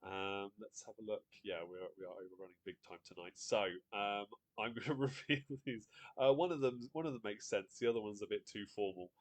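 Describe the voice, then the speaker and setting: A man's voice: lowish voice, a little fast. Chatty man hosting a quiz. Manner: chatty, reads out viewer guesses, laughs often. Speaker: quiz host. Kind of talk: live-streamed quiz hosting.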